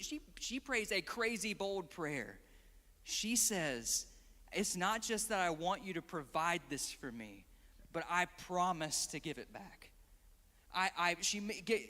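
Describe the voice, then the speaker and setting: A man's voice: high voice, bright, forceful tone. A young man preaching a sermon, impassioned, acting out prayers with rising emphasis. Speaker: pastor. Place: church hall. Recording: long hall reverb.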